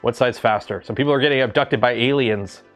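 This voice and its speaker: A man's voice: medium pitch, brisk, a bit bright, soft background music. A man from Canada hosting a livestream, talking casually and rambling with lots of ums and restarts. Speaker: livestream host.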